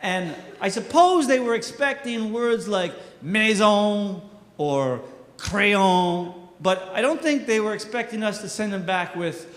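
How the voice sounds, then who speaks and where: A man's voice: high voice, expressive, slow pace. A middle-aged man doing a stand-up comedy set, telling self-mocking stories with punchy delivery. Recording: echoey hall with long reverb, faint noise.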